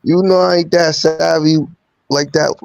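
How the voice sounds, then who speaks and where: A man's voice: on the high side, fairly even intonation, a little slow, creaky, dry recording. A man calling into a casual online chat, easygoing and slangy.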